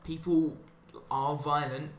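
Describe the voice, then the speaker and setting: This gameplay commentary comes from a man whose voice sits fairly high and barely moves in pitch, and he speaks slowly over slight background noise. As a channel host, he offers sarcastic, meandering remarks that stray into side topics, recorded in an echoing room with faint ambience.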